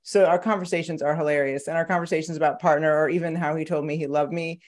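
A woman's voice: sits low, fast. A woman, a podcast guest and author, chatting casually and telling stories with frequent laughter. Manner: lively storyteller who laughs often. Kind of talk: casual interview chat.

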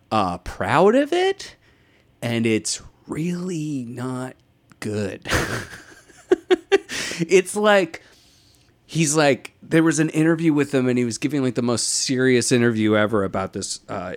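A young man hosting a podcast, rambling through a casual comedic monologue with sardonic asides, chuckles and profanity. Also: medium pitch. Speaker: podcast host.

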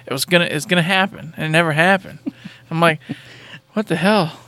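Bright, high-voiced playful man. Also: a little fast. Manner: playful, laughs often, animated teasing. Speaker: podcast co-host. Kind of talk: casual chat.

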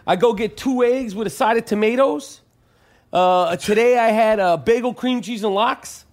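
A New man with a high-pitched voice hosts a podcast, talking in a brash, profane way. His casual chat swings into loud, rapid rants. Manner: profane, rapid ranting with shouted tirades. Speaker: podcast host.

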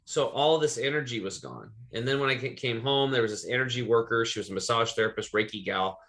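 This podcast host is a man from Eastern Oregon with a medium-pitched, slightly bright voice, and he talks fast and animatedly. He's telling a personal story in loose, rambling, casual chat, swearing now and then.

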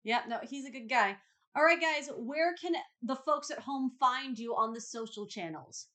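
A woman's voice: high voice, lively intonation, moderate pace, bright, forceful tone. A woman hosting a podcast in a toy store, playful and upbeat as she teases her guests. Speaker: podcast host. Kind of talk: casual interview chat.

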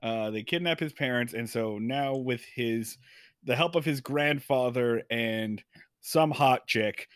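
A man's voice: mid-range voice, unhurried, a bit bright, no echo, studio quality. A man co-hosting a casual movie-review podcast, ranting and swearing with lots of animation. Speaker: podcast co-host.

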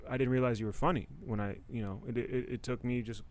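A man's voice: mid-range voice, steady tone, quick pace, darkish tone. A man hosting a podcast in casual chat, rambling loosely with lots of fillers and restarts, often breaking into laughs. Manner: laughs often, voice jumping up when he does. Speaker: podcast host.

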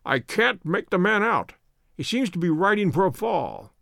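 A keen detective, as a man reads him, crisp and earnest with measured warnings. The voice sits high and moves lively through each phrase, recorded dry and close for an audiobook. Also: no room sound, full character voice. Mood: earnest, wary. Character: keen, brisk male detective.

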